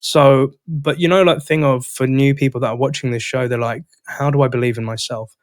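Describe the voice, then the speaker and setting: A man hosting a podcast, telling a coaching story in a casual, animated way. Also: medium pitch, brisk, no echo, clean studio sound. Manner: animated, acts out both sides of dialogues. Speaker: podcast host and sales coach.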